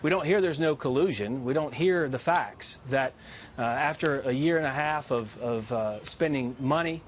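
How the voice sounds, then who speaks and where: A man, a deputy White House press secretary, answering questions as a TV news interview guest in a steady talking-points style with many filler pauses. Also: medium pitch, a little hiss or hum.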